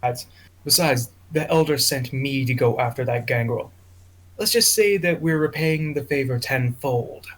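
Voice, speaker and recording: A man's voice: medium pitch, normal speed, natural voice. A man voicing a scheming male vampire ally in a tabletop role-play, talking in a confident, persuasive way.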